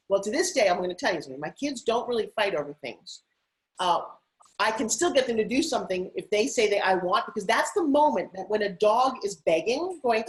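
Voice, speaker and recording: A middle-aged woman, a TV host and spokesperson, telling animated stories as an interview guest. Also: mid-range voice, low-quality recording. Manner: animated, rapid anecdotal telling. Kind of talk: casual interview storytelling.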